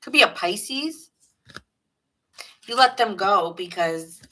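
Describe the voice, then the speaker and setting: Woman, New York accent, tarot reader on a live stream, chatty and rambling, bright forceful voice. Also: mid-range voice, lively intonation, slow, rough recording. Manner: chatty and rambling, greets viewers in the chat.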